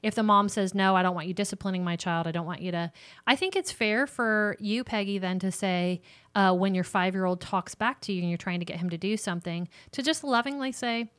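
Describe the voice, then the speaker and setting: A woman's voice: mid-range voice, brisk, fairly bright tone, smooth. Middle-aged woman doing a christian parenting advice chat, earnest, chatty, acts out the talks with kids.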